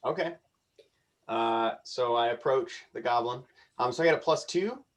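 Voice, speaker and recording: A man playing in a tabletop game, unhurried and relaxed, chatting with the table at an ordinary pitch. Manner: relaxed, laid-back. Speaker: player. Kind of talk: casual tabletop play.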